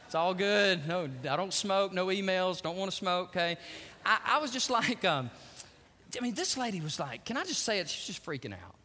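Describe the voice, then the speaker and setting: Animated high-voiced male preacher. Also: moderate pace, long reverb tail. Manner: animated, acts out quoted voices, laughs often. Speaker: pastor. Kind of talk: sermon.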